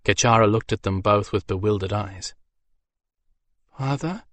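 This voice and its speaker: A man narrating a fantasy audiobook in a steady, measured storytelling manner. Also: lowish voice, no room sound.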